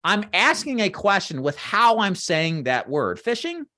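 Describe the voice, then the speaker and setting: A man teaching final expense phone sales, walking trainees through a phone script and acting out sample call lines in a brisk sales voice, with frequent "right?" check-ins. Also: high voice, very animated, sharp tone, no room sound, studio quality. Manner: talks straight to trainees, checks in with "right?" and "does that make sense?". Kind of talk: instructional walkthrough of a phone script.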